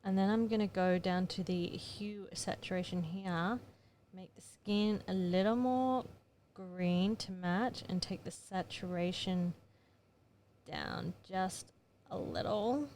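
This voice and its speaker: This woman photographer's voice is mid-range and darkish, and she speaks slowly, with slight background noise. She casually narrates her edits for a tutorial, chatty and muttering to herself as she works.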